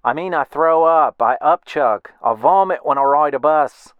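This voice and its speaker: A man's voice: on the high side, moderate pace, clean tone, dry recording, narrow, tinny audio, lightly acted. A man playing a cheeky young Australian wiseguy with a thick Australian accent, full of slang and teasing patter in a comedy bit.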